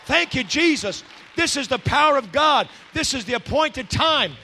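A man preaching a sermon as pastor, swinging between shouted passion and hushed intensity. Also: very high-pitched, animated, normal speed, gravelly, in a large hall, slight background noise.

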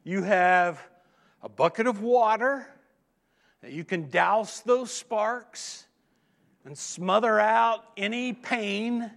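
A middle-aged man preaching a sermon, telling humorous stories with dramatic pauses and emphatic repetition. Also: high-pitched, gravelly, fairly bright tone. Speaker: pastor.

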